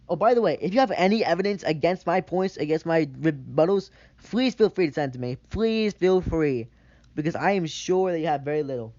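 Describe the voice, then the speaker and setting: A man's voice: fairly high pitch, a little mellow. Defensive young man, lo-fi mic. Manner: defensive, rambling, repeats points. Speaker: channel creator. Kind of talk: rebuttal video monologue. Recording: dull lo-fi mic.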